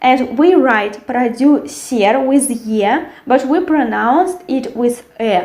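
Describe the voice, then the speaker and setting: A woman teaching a language lesson, carefully repeating words slowly for learners. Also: high voice, darkish tone. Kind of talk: language lesson with word drills. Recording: echoey room.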